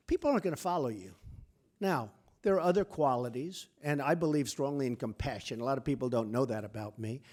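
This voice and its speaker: A man giving a luncheon speech as a guest speaker, boastful and repetitive, talking in punchy short phrases at a podium microphone. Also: fairly high pitch. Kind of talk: speech delivered as casual anecdotes. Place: hall at a press club luncheon.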